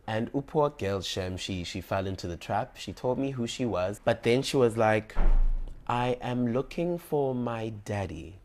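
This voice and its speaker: A young man, telling a personal story in an animated, dramatic way and acting out his own dialogue. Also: fairly low pitch, moderate pace. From South Africa.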